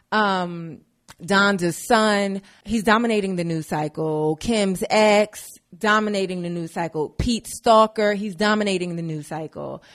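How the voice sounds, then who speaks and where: A woman in her twenties hosting a podcast, talking casually and with feeling, swearing freely and jumping from one topic to the next. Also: mid-range voice. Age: 20s. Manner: chatty and animated, swearing freely, drifting between topics. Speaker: podcast host. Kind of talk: casual monologue.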